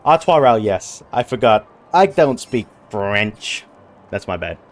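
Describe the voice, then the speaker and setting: A man's voice: fairly low pitch, animated, measured pace. A man streaming a game playthrough, reading its dialogue aloud in a put-on British accent between joking asides.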